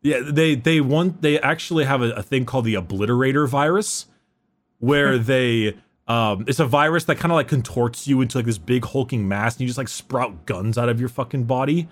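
A man co-hosting a podcast, chatting casually and excitedly about fantasy lore, swearing freely and restarting his sentences. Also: mid-range voice, normal speed. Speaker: podcast co-host.

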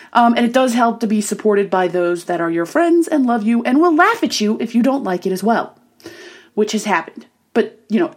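A young woman hosting her own podcast, talking in a chatty, bubbly, rambling way with frequent restarts. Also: on the high side. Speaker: podcast host. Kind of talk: casual solo podcast monologue.

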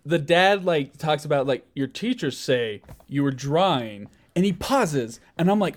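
Man with a lively, sarcastic voice. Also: fairly high pitch, moderate pace, hardly any pauses. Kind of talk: casual chat.

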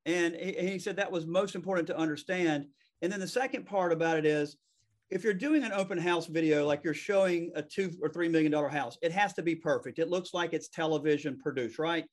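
A man with a Southern US accent talks quickly and loosely, poking fun at himself as he goes. His voice sits a bit high for a man. He is a real estate attorney speaking as a guest over a video call. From American South. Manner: fast-talking, self-deprecating. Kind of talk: casual interview chat.

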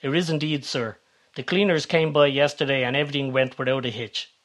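A deferential older security guard who answers politely and reassuringly, as a male narrator puts him on. The voice sits at an ordinary mid pitch, close to the narrator's own. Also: fairly even intonation, a little fast, a bit bright, close to an everyday voice.

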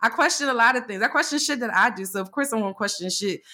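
A woman co-hosting a casual talk show, telling a story candidly, swearing freely and acting out what people said, often laughing. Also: fast talker. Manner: laughs often, pitch jumps up when excited. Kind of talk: casual chat.

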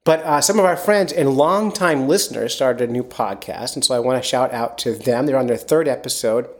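A man's voice: mid-range voice, a little fast. A man hosting a casual podcast, rambling and upbeat with lots of fillers. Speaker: podcast host.

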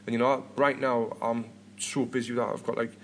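A man's voice: mid-range voice, level tone, fairly quick, fairly bright tone, a little hiss or hum. A British man in his thirties hosting a podcast, chatting casually and rambling with lots of restarts and repeated words. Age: 30s. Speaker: podcast host.

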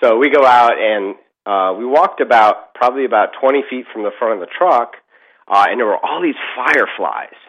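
A man's voice: medium pitch, lively intonation, moderate pace, fairly bright tone, muffled recording. A middle-aged man telling a ghost story in casual chat, rambling with lots of fillers and restarts.

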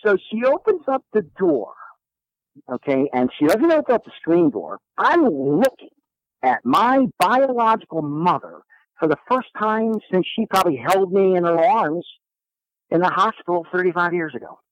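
A man telling a personal story as a guest, in a lively, animated way. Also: sits high, normal speed, no echo, dull audio. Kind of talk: storytelling in a conversation.

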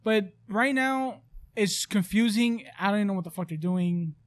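A young man in casual chat, excitable and laughing, with lots of fillers and swearing. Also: high-pitched, normal speed.

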